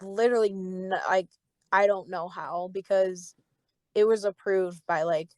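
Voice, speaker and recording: Profane, animated young woman podcaster. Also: medium pitch, a little slow, no room sound. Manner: animated, profane, full of "like" fillers. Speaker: podcast co-host. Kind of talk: casual storytelling chat.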